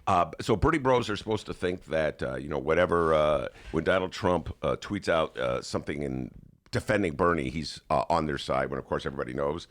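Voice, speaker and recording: Animated sarcastic male podcast host. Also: very deep voice, brisk. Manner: animated, mocking, shifts into put-on voices. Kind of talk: sarcastic political commentary. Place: radio studio.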